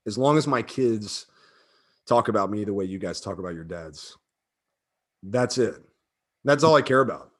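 A man's voice: fairly low pitch, animated, normal speed, long pauses, husky. Rambling emotional man in casual chat. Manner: emotional, filler-heavy, rambling.

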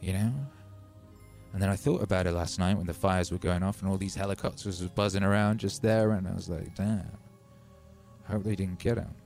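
A man's voice: deep voice, level tone, fairly quick, a little mellow, soft background music. A man hosting a livestream, telling rambling, wry stories in a casual chat from home. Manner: chatty, wry storytelling with hype openers. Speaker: livestream host.

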